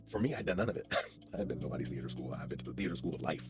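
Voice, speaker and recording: A man's voice: low voice, very fast, over music. A man, a lawyer and stage actor, talking casually on a livestream, telling stories with lots of fillers and restarts. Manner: animated storytelling with many fillers and restarts. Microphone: livestream mic.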